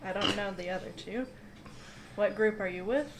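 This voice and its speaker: A woman's voice: mid-range voice, moderate pace, noisy background. A woman playing a tabletop role-playing game, direct and matter-of-fact. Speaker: player.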